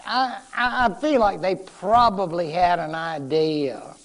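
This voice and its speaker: High-voiced, slow-talking male lecturer. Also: a bit bright. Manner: playful, joking, acts out short quotes. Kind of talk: casual history lecture. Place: classroom.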